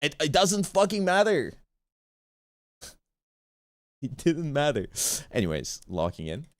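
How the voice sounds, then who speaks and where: A man's voice: fairly high pitch, wildly swooping pitch, slow pace, dry recording. A man streaming a watch party who rants in casual chat, swearing often and repeating himself. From Bosnia.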